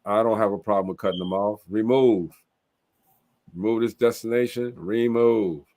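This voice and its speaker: A man's voice: lowish voice, moderate pace, warm tone. A man hosting a live online telethon, chatting casually and joking in slang with his co-hosts over a video call. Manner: laid-back, joking, slangy. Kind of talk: casual banter on a livestream.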